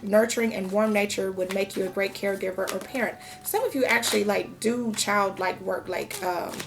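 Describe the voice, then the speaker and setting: A woman's voice: mid-range voice, slight background noise. A woman in her thirties giving a casual tarot reading, talking frankly and chatting with lots of fillers. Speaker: tarot reader.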